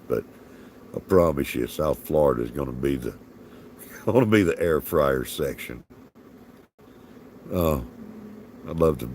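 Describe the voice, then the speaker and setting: A man's voice: rumbling low, vocal fry, a little hiss or hum. A man with a Southern US accent rambling in folksy, chuckling casual chat as a livestream host. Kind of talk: casual live-stream chat.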